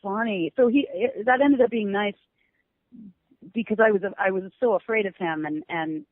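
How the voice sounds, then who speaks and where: A woman's voice: mid-range voice, normal speed, dry recording, narrow, tinny audio. An actress being interviewed, reminiscing about her films and often trailing off as she searches for memories.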